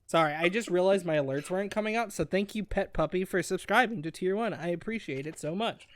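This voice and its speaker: A man co-hosting a casual podcast, talking in an animated, profane and mocking way. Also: sits high, fast, no echo. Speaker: podcast co-host. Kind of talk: casual chat.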